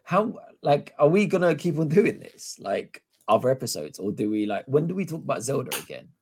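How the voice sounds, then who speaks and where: A man's voice: mid-range voice, very animated, a little fast, a little mellow, a little hiss or hum. A man co-hosting a casual gaming podcast, joking and laughing often in banter. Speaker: podcast co-host.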